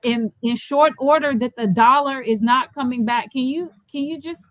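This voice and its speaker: A woman's voice: sits high, normal speed, fairly bright tone, no room sound, rough recording. A woman interviewing a host, working through numbered questions and cutting in to press for clarification. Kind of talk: reading listener questions.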